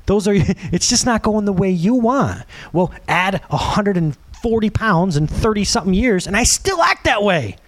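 A man's voice: high voice, moderate pace, few pauses. A man in his thirties, a pastor, preaching a conversational sermon and acting out quotes in other voices. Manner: conversational, animated, acts out quotes.

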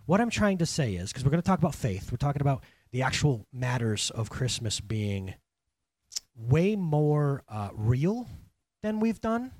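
Man, pastor, chatty sermon, lively up-and-down voice, dry close sound. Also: a little high, moderate pace, no echo. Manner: conversational, animated, talks to congregation directly.

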